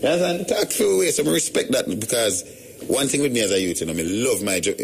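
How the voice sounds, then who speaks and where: A man's voice: medium pitch, animated, fast talker, gravelly, slight background noise. A middle-aged Jamaican man hosting a radio show, chatting in a loose storytelling way with plenty of patois. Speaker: radio host. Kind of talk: casual radio talk.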